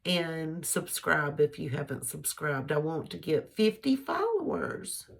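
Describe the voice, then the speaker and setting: A woman's voice: deep voice, very animated, measured pace, vocal fry. A middle-aged woman, chatting opinionated relationship advice to her followers in a casual vlog, laughing easily. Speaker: vlogger giving advice.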